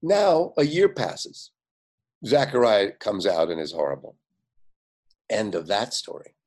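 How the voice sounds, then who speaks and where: An older man, a guest, telling anecdotes in an animated way, acting out other people's lines and often laughing. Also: lowish voice, a little slow. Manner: animated storyteller, quotes others in lively voices, frequent fillers and laughs. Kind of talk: anecdotal storytelling.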